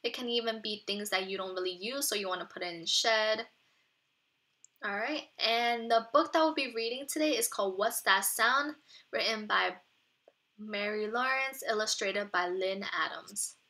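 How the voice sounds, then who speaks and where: A woman teacher giving a children's read-aloud lesson, explaining words patiently and clearly. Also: mid-range voice, normal speed, pushed and bright.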